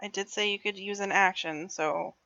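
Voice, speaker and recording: A woman acting as dungeon master, giving measured rulings in a tabletop game. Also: medium pitch, fairly even intonation, bright, forceful tone, no echo, highs cut off. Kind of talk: running a tabletop game online.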